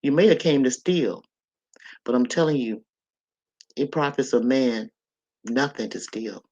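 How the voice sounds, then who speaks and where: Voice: medium pitch, unhurried, highs cut off. A livestream host in casual talk with chat viewers who gives preachy life advice and repeats phrases for emphasis. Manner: bright, lively greetings to chat viewers.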